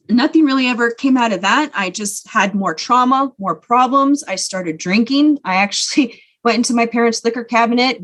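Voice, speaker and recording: A woman telling her life story as a podcast guest, candid and earnest about painful memories. Her voice sits at an ordinary middle pitch for a woman, in a personal, conversational telling.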